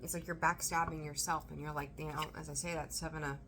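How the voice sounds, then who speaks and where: A woman reading tarot for her viewers, emphatic and animated, repeating phrases for emphasis and swearing now and then. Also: low voice, quick pace, a little hiss or hum. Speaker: tarot reader. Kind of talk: intuitive tarot reading to camera.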